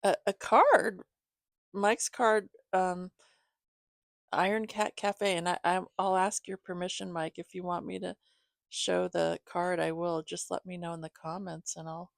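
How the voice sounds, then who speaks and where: A woman hosting her own channel, chatting casually with viewers as she shows gifts, giggling often and filling pauses with "um". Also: on the low side, little pitch movement, creaky, no room sound. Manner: chatty, giggly, many fillers. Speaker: channel host reading to her cats. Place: home, reclining.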